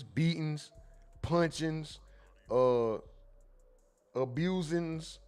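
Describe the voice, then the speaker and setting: Animated high-voiced man hosting a live stream. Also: moderate pace, faint music behind. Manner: animated, loud bursts, mimics people in quotes, laughs. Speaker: live stream host reading chat. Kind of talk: casual live stream commentary.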